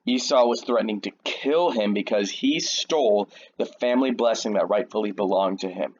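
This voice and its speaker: A man's voice: on the low side, normal speed, highs cut off, slight background noise. A man casually retelling a Bible story in a slangy, jokey, conversational way to a young audience. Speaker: youth storyteller.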